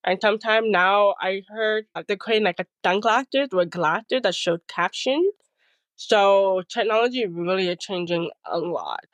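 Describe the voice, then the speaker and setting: A woman's voice: mid-range voice, a little slow, no room sound. A woman guest talking casually in an interview, telling stories animatedly and acting out the people she quotes, with many "like"s and "you know"s. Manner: says "like" and "you know" often. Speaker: guest, speaker and coach.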